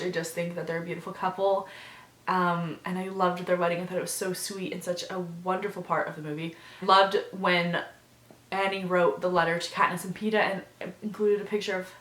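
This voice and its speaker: A woman's voice: fairly low pitch, fairly bright tone. Gushing woman vlogger in a roomy echo. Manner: gushing, effusive, many fillers. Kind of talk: casual video review.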